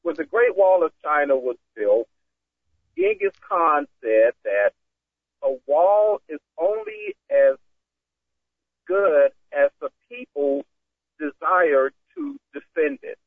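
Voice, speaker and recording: A man co-hosting a political talk radio show, scornful and animated as he builds his argument with examples. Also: a little high, takes it slowly, dry recording. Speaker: radio co-host. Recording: tinny phone-like line, dry.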